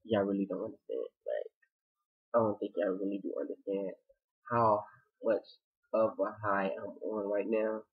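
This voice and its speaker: A man giving a chatty, excitable review of a TV episode, retelling scenes with dramatic asides. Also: on the low side, normal speed, husky, narrow, tinny audio. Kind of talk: casual recap vlog.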